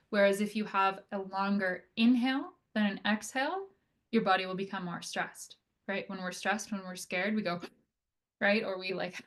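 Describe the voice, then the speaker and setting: A woman occupational therapist talks through a health lecture in an easygoing, conversational way, often checking in with "right?" and "like". Her pitch sits in the middle of the usual range for a woman. She slows her pace when she walks listeners through slow breathing. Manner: conversational, frequent "right?" and "like" fillers. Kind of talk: casual educational lecture.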